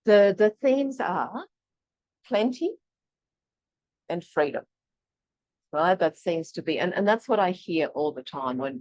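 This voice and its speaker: A woman from Eastern Europe leading an online workshop, talking in a chatty, animated way and laughing often. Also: on the low side, no echo, muffled recording. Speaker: workshop leader. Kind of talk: casual online workshop teaching.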